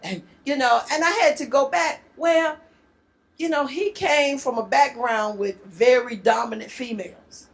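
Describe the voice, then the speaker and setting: A middle-aged woman from the northern US gives a marriage workshop talk to a live group, lively and joking in casual speech. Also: sits high, unhurried. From northern United States.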